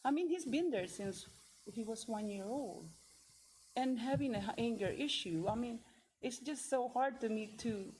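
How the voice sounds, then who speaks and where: A woman telling a congregation about a mission trip, in an informal, rambling way with many restarts and lively quoted asides. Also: a little high, a little slow, a little hiss or hum, low-quality recording. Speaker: church member sharing a mission trip story. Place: church hall.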